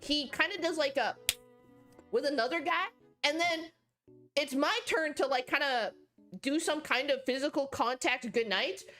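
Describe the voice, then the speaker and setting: A woman's voice: sits high, a little slow, fairly bright tone, soft background music. A young woman streamer casually telling rambling work stories, often laughing at them herself. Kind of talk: casual livestream storytelling.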